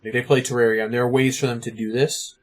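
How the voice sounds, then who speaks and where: A man's voice: medium pitch, level tone. A man co-hosting a podcast, chatting casually about card game strategy, full of "like" and "you know". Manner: fast, filler-heavy, lots of "like" and "you know". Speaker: podcast co-host.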